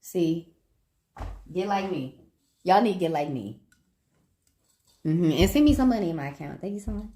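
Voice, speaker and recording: A woman's voice: on the low side, lively intonation, moderate pace, long pauses, mellow. A woman with a Southern accent, chatting casually with viewers on a livestream as a tarot reader, talking freely, swearing and laughing often.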